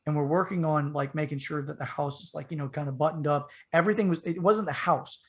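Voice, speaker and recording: A man with a fairly high voice, relaxed and conversational. He rambles through a story from his childhood, stopping to correct himself and slipping into the voices of the people he describes. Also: fast. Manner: rambling, frequent restarts and asides, acts out the people in the story. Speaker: podcast co-host telling a childhood story. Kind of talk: casual storytelling.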